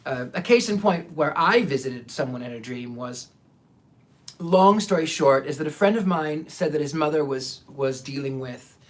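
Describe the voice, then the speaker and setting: A man, a psychic, telling stories in a casual, animated monologue, often repeating himself and acting out the people he quotes. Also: fairly high pitch, moderate pace. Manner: animated, repeats words, acts out quoted voices.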